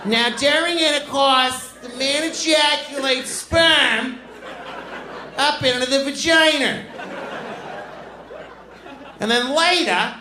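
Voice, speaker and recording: A man putting on a shrill, blunt female schoolteacher who curses matter-of-factly, in a live stand-up set. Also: slow, long pauses, sharp tone, exaggerated voice. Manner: shrill, matter-of-fact, cursing. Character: blunt crude 1970s woman schoolteacher. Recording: echoey live club with crowd noise.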